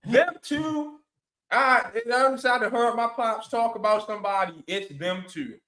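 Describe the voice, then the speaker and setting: A man's voice: extremely high pitch, moderate pace, echoey room, low-quality recording. A man co-hosting a sports podcast, telling stories with playful exaggeration in casual chat. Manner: animated storytelling, playful exaggeration. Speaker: podcast co-host.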